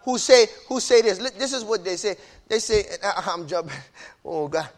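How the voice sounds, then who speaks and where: A man preaching in a casual, emphatic way, repeating himself and building up to shouts. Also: sits high, lively intonation, normal speed. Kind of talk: preaching-style casual talk.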